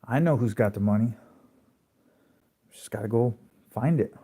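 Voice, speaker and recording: A man's voice: mid-range voice, normal speed, warm tone, slightly rough. A man ranting on a late-night livestream, confrontational and preachy, firing off rhetorical questions and swearing freely. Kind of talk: late-night rant to a live audience. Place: at home at night.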